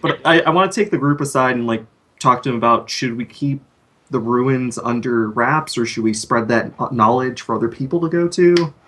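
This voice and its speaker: A man's voice: medium pitch, moderate pace, sharp tone. A man playing in a tabletop game over a video call, talking casually with lots of "like" fillers. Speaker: player.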